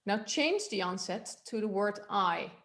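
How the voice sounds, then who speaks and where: A woman's voice: medium pitch, expressive, a little slow, a bit bright. Conversational woman coaching voice technique. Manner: explanatory, demonstrates voice techniques aloud; loose and conversational, with fillers. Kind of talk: workshop instruction.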